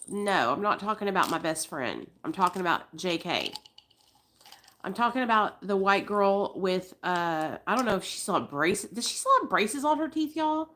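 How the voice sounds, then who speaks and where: A woman in her forties hosts a loose, casual live stream and talks straight to her viewers. She is blunt and profane, and she often stops to coax her dogs in a high, sing-song voice. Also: animated, normal speed, a bit bright, a little hiss or hum. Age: 40s. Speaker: livestream host.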